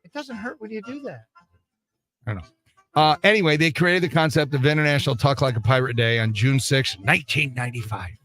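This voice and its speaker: Wisecracking older radio host, bright voice. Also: male voice, mid-range voice, lively intonation, fairly quick. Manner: wisecracking, jokey delivery. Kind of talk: morning radio comedy chat. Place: radio studio.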